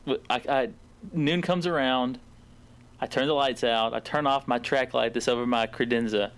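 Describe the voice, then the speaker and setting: A man co-hosting a casual podcast, talking in an excitable, joking way and laughing often. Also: medium pitch, moderate pace, a little hiss or hum. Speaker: podcast co-host.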